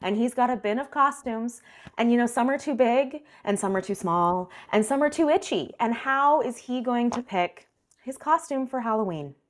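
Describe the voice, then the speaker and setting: A woman's voice: fairly high pitch, animated, normal speed, slight background noise. Chatty woman podcast co-host. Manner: chatty, many ums and likes, laughs often. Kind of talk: casual book chat.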